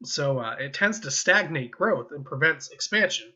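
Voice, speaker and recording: Bright-voiced young man rambling opinions. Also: on the high side, lively intonation, normal speed, lo-fi sound. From United States. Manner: rambling, self-interrupting, with chuckles. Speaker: gaming vlogger giving political opinions. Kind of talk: casual rambling commentary while gaming.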